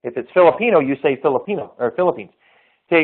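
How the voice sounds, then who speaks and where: A man with a fairly high voice coaches viewers in network marketing, urging them over and over to think big and get going. He walks through a screen-share tutorial in a pep-talk style. The sound is thin and tinny, like it came over a phone line. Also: lively intonation, fast talker.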